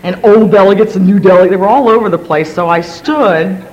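A woman's voice: mid-range voice, a little fast, lo-fi sound. Hyper, rambling woman telling her story. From Virginia. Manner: energetic, rambling, many restarts and self-deprecating asides. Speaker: speaker sharing at a recovery gathering. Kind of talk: personal story told to a gathering.

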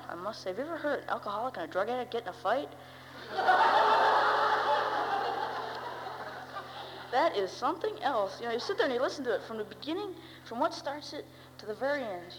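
A teenage girl sharing her recovery story in a rambling, wry way, with many fillers. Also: mid-range voice. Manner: rambling, wry, full of "you know" and "uh". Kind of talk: personal recovery testimony. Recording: long hall reverb with faint hum.

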